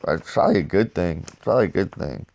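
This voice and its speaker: A man casually reviewing comic books in a loose, slangy, excitable way. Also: low voice, fast talker, vocal fry.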